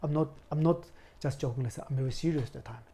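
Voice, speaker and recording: Man, 40s, from India, Buddhist lama, relaxed dark tone, halting storytelling. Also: mid-range voice, husky. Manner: halting, searching for words, frequent "you know". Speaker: Buddhist lama telling his life story. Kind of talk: personal storytelling interview.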